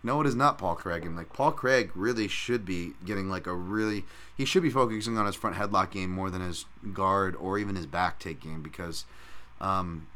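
A man's voice: deep voice, pushed and bright. A man hosting a podcast, breaking down fights and bets in a casual, profane, heated ranting style. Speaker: podcast host. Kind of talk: casual sports-betting breakdown.

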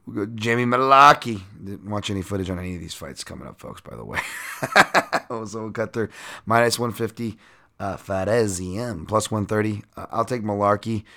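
A man's voice: lowish voice, sharp tone. A man hosting a solo podcast, talking casually and rambling with lots of fillers and self-mocking asides. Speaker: podcast host and betting analyst.

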